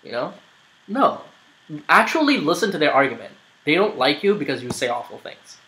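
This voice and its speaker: A man's voice: a little high, very animated, moderate pace, bright, forceful tone, a little hiss or hum, low-quality recording. A man commenting on a played video, argumentative and rambling, with many fillers. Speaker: YouTuber making a response video.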